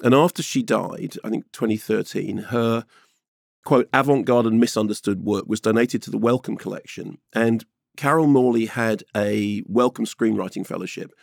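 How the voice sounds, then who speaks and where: A man's voice: on the low side, fairly even intonation, moderate pace, creaky, dry recording, studio quality. A man co-hosting a film podcast, reviewing films in casual chat with an enthusiastic, digressive manner. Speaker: podcast co-host, film critic. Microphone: studio mic.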